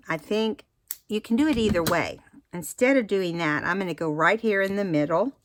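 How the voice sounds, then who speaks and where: A woman's voice: fairly low pitch, dry recording. Chatty woman teaching a card craft. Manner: chatty, explains step by step with fillers. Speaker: craft instructor. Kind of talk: casual craft tutorial.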